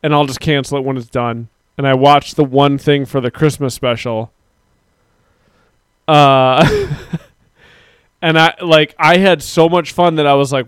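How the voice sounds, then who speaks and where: A man's voice: fairly high pitch, fairly even intonation, a little slow, long pauses, smooth, no echo. A man hosting a live stream, chatting casually and rambling as he reads out viewers' comments. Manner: rambling, talks to chat viewers, mock-quotes people. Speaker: podcast host.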